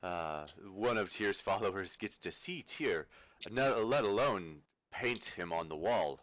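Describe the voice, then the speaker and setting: A man voicing a polite, modest male temple follower, speaking haltingly. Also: on the low side, lively intonation, a bit bright, no echo, voice pushed down. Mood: earnest. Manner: halting, filler-laden speech.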